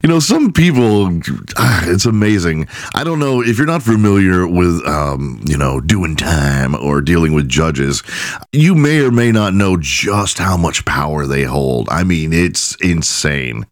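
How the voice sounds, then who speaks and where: A man's voice: deep voice, animated, a little slow, dry recording, studio quality. A man hosting a podcast, telling loose, profane stories in a casual monologue and laughing at his own jokes. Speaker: podcast host.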